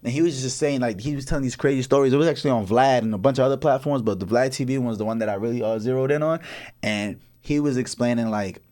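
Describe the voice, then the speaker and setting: A young man co-hosting a podcast, telling stories in a casual, profane, animated way with frequent laughs. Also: mid-range voice, quick pace. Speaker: podcast co-host. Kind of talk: casual chat.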